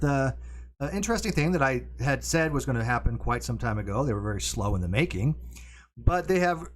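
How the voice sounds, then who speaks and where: A man's voice: medium pitch, fairly bright tone. A man hosting a casual livestream, rambling and correcting himself, with wry asides to his chat, talking into a cardioid desk mic from his home streaming room. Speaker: livestream host. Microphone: cardioid desk mic, sometimes turned away.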